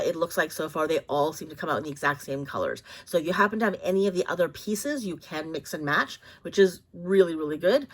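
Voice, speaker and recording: A woman vlogging casually about products, rambling with many fillers and quick self-corrections. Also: on the low side. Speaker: vlogger reviewing bags.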